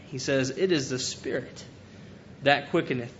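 A man preaching a sermon, earnestly retelling scripture and paraphrasing it in casual everyday speech. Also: normal speed. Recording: dull lo-fi recording with faint rumble.

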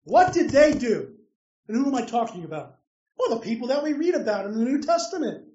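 A man's voice: extremely high pitch, big pitch swings, fast, a little mellow. A man preaching a sermon, emphatic, putting questions to his listeners and answering them himself. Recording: roomy, distant, dull lo-fi sound.

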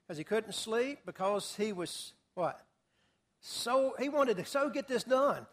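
A man preaching through a Bible passage verse by verse, telling the story in a lively way and putting questions to his listeners. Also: sits high, a little slow. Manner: animated storyteller, asks the audience questions. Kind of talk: expository Bible teaching.

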